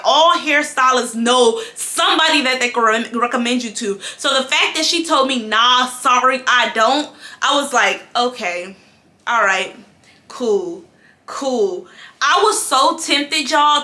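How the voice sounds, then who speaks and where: A young woman telling a casual storytime to her viewers, animated and talking to them as y'all. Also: high-pitched, echoey room. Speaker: vlogger.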